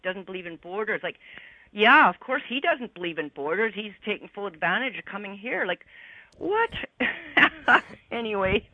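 A woman's voice: medium pitch, no room sound, phone-quality sound. A woman talking casually as a co-host, rambling and laughing between points. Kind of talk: casual chat.

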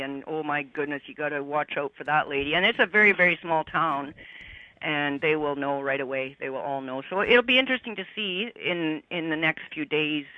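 A woman's voice: sits low, no room sound, highs cut off. A woman talking casually as a co-host, rambling and laughing between points. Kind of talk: casual chat.

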